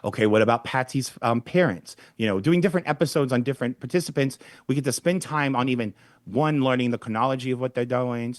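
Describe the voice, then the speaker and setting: A man's voice: mid-range voice, quick pace, dry recording. Rambling wry man on a dry close mic. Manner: rambling, wry deadpan asides. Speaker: podcast co-host. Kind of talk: casual true-crime chat.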